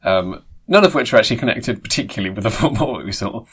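A man's voice: lowish voice, lively intonation, fast talker, a bit bright, breathy edge. A man from England in casual chat, telling stories with dry, self-mocking humour and frequent laughter. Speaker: podcast co-host.

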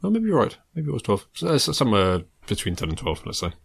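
A man's voice: mid-range voice, wildly swooping pitch, gravelly, husky. English bloke, jokey and keen, teasing his mate, casual chat. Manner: enthusiastic, jokey, quick to tease. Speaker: podcast co-host.

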